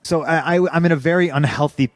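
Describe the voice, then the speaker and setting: A man's voice: a little high, fast talker, dry recording. A man in an interview telling his story bluntly, swearing often and restarting his sentences. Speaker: interview guest. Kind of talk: candid conversational storytelling.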